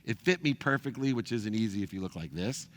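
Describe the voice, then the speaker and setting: A middle-aged man with a fairly low voice tells a personal story as the host of his own show. He is animated and acts out the people he quotes. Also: a little fast.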